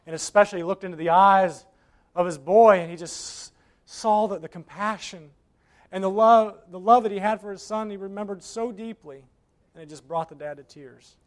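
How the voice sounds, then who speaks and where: A male preacher telling a story in a sermon, swinging between loud bursts and near whispers and acting out the voices of the people in it. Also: high-pitched, normal speed. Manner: acts out voices in his stories.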